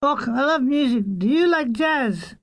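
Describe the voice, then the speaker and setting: A man's voice: extremely high pitch, expressive, a little slow, pitched above the performer's own voice, full character voice. A man putting on a flirty Scottish army lass. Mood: cheerful.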